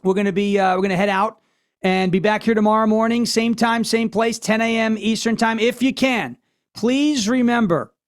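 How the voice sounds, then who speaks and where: A man with a fairly high voice hosts a political commentary show. He talks in a brash, loose, mocking way. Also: level tone, fairly quick. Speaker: host.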